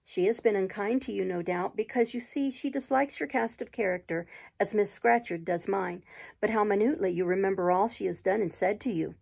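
A gentle, patient schoolgirl, read by a woman in a storybook audiobook, reasoning calmly and earnestly. The voice has a husky, breathy edge with a gravelly fry underneath. Her delivery stays even and measured. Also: medium pitch. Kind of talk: audiobook reading.

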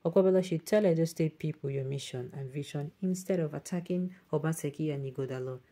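A woman's voice: deep voice, quick pace, warm tone. A woman with a Nigerian accent hosting an online news show, reading viewer comments aloud and mixing in emphatic Pidgin asides.

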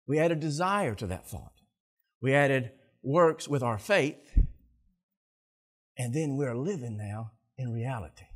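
A male pastor preaching a sermon, telling stories with animated delivery and acting out scenes, often repeating words. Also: on the high side, slightly rough.

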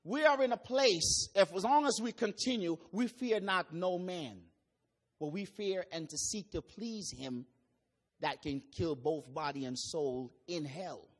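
Jamaican male preacher, very high voice, reads scripture slowly with sudden loud calls. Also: husky. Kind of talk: sermon with scripture reading.

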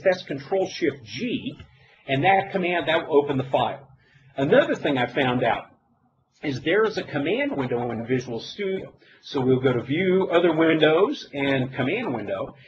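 Male presenter, middle-aged, lively pitch, dull webinar audio, faint hiss. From United States. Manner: animated storytelling, self-deprecating jokes. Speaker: technical presenter. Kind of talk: live demo presentation.

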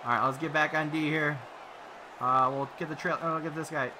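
A man giving casual commentary while playing a video game, reacting out loud and talking himself through each move. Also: fairly high pitch, fairly even intonation, normal speed, background noise. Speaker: gaming YouTuber.

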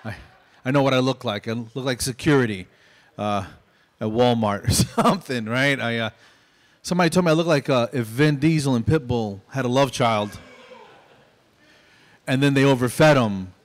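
Give me a middle-aged man with an average-pitched voice doing a chatty, self-deprecating stand-up set. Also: normal speed, pauses often. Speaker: stand-up comedian. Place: stage at a small venue.

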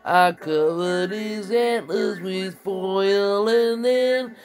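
A man's voice: high voice, extremely slow, over music, voice pushed up. A man voicing a dumb, boozy trailer-trash man who brags and sings parody verses in a drawl. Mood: boastful.

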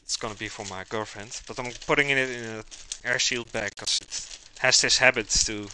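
A man's voice: medium pitch, fairly even intonation, normal speed, sharp tone, slight background noise. A man chatting casually to his live chat while he cooks, rambling as he goes. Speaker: streamer cooking live.

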